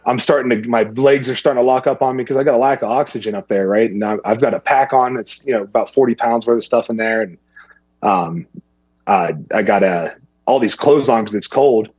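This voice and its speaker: A man's voice: mid-range voice, brisk, breathy edge, no echo, muffled recording. A man, casually telling a hunting story and acting out what people said to him. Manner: animated, acts out other people's lines in a raised voice.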